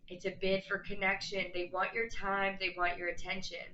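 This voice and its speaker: A woman's voice: medium pitch, moderate pace, hardly any pauses, bright, forceful tone, roomy sound, muffled recording, slight background noise. A woman life coach talking earnestly and casually to camera, acting out quoted lines as she explains.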